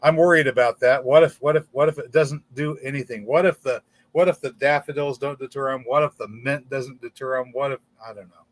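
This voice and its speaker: Hosting a laid-back green-screen livestream, this man speaks briskly in a steady, mid-range voice with no echo. His talk wanders, and he trips over words he repeats.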